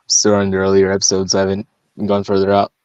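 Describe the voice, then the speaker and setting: Male podcast co-host, a bit low, unhurried and halting. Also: completely flat delivery, darkish tone, clean tone, dry recording, lo-fi sound. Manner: hesitant, halting with many fillers. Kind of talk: casual podcast chat.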